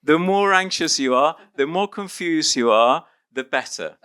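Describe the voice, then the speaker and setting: A man's voice: on the high side, expressive, a little slow, fairly bright tone, smooth. A man from Argentina leading an interactive teaching workshop, upbeat and encouraging as he coaxes volunteers along.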